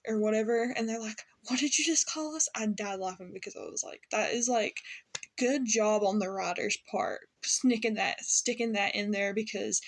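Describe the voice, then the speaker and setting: A woman giving a casual, rambling spoken recap of a TV episode, with lots of fillers, quoted lines from the show, and her own laughs. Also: mid-range voice. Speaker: TV episode reviewer.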